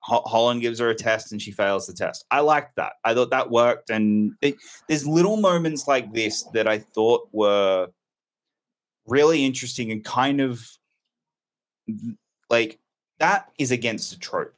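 A man's voice: mid-range voice, measured pace. A man giving a casual, rambling and candid spoken film review. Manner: rambling, candid, self-correcting.

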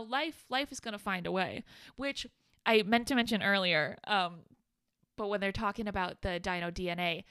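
A woman's voice: on the low side, pushed and bright, clear, resonant tone, no echo, studio quality. A woman co-hosting a podcast, chatting about a film with eager enthusiasm and frequent laughs. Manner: enthusiastic, laughs often, calls listeners babes. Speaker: podcast co-host. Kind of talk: casual film chat.

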